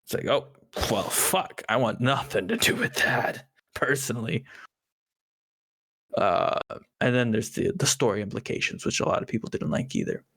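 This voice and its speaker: A man co-hosting a podcast in casual chat, animated and joking, swearing casually. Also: medium pitch, moderate pace, gravelly, slightly rough. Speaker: podcast co-host.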